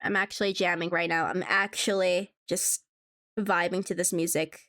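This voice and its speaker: A woman's voice: on the low side, fairly even intonation, moderate pace, a bit bright. A woman streamer chatting casually to her viewers while she draws, laughing often and humming along to music. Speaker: VTuber streamer. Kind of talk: casual live-stream chat while drawing.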